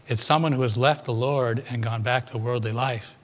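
A man's voice: mid-range voice, steady tone, brisk, few pauses. Preacher man in a reverberant hall. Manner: retells a story with asides to the congregation. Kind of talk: sermon storytelling.

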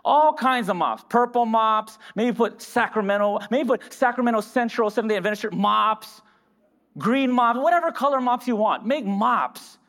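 A man's voice: extremely high pitch, normal speed, fairly bright tone. A man preaching a sermon in a church, asking the congregation questions and answering them himself. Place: church hall. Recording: reverberant church hall.

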